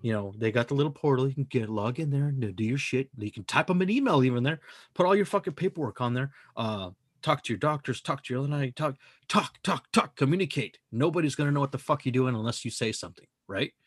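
A man's voice: mid-range voice, quick pace, husky, no room sound, clean studio sound. A man co-hosting a podcast, talking in a casual, profane, emphatic way that rambles from point to point. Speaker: podcast co-host.

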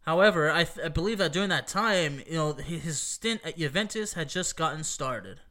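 Recalling a football final seen with his dad, a man speaks at a moderate pace in a fairly high, sharp voice made stuffy by allergies. His excited, casual telling is emphatic and repetitive, peppered with swearing and questions of "okay?"

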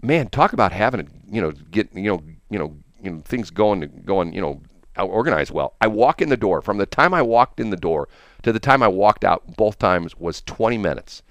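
A middle-aged man hosts a morning radio show with a very low, deep voice. He rambles through anecdotes stuffed with fillers and asides. The studio mic sounds close and dry. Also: animated, moderate pace, a bit bright, dry recording. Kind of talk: casual on-air chat and storytelling.

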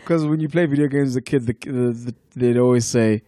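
A man in his thirties from South Africa, a podcast guest telling stories in a relaxed, profane way and laughing often. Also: medium pitch, a little fast, no room sound, studio quality. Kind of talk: casual chat.

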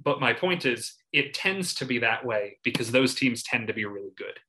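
A man co-hosting a casual sports podcast, breaking down a football season. His voice is bright and forceful at a middle pitch. He talks analytically with a wry edge and laughs now and then. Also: lively intonation, normal speed, rough recording.

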